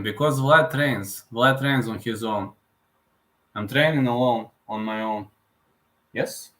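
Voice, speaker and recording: A man talks casually on his live stream at a middle pitch, rambling and repeating himself. His English has non-native phrasing. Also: slow pace, long pauses, sharp tone. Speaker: streamer host.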